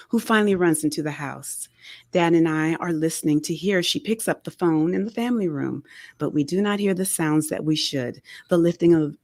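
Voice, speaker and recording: A woman author reading her memoir aloud with a measured, expressive delivery in a radio studio. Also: low voice, no room sound. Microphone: studio microphone.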